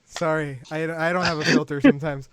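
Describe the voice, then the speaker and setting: A man's voice: on the high side, fairly even intonation, brisk, crowd noise. An American man hosting a casual podcast chat, crude and playfully teasing. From United States. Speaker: podcast host.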